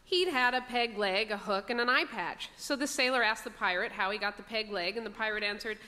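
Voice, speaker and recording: A woman telling a joke briskly on a live radio comedy show. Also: on the high side, sharp tone, big-room sound.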